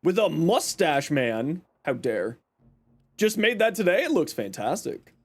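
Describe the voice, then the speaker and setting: A man hosts a live game stream in a high voice. His pitch jumps around a lot as he chats casually, greets viewers by name and throws in playful sarcasm. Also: very animated, measured pace, breathy edge. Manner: upbeat, greets chat by name.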